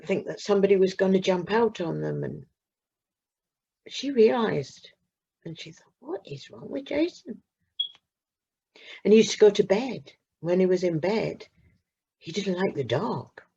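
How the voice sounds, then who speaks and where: A woman narrating a children's story in a slow, expressive way with dramatic pauses. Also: lowish voice, husky. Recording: muffled lo-fi recording.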